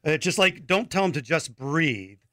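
A man co-hosting a casual podcast chat, laid-back and quick to chuckle. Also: on the high side, lively intonation, a bit bright, no room sound, studio quality. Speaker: podcast host.

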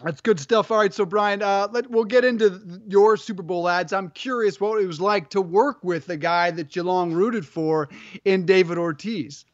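A man with a high voice hosts a sports talk show and puts upbeat questions to his guest. The sound is dry and close, with slightly dull audio. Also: moderate pace, no room sound. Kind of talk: hosting an interview.

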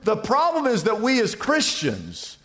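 A man preaching a sermon in a church, with emphatic delivery that swings from loud, raised lines to hushed ones. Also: high voice, wildly swooping pitch, unhurried, in a large hall. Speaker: pastor.

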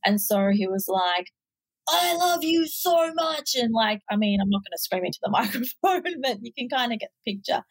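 A woman's voice: medium pitch, a little fast, hardly any pauses, no echo, rough recording. A woman hosting a podcast interview, telling stories and asking questions in a chatty, casual way. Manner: chatty storytelling. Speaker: podcast host.

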